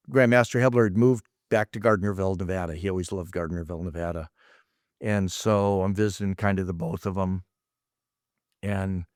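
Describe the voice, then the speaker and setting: With a fairly low, slightly mellow voice, a middle-aged American martial arts teacher spins loose anecdotes, voicing the characters' dialogue. The clean studio recording has no room sound.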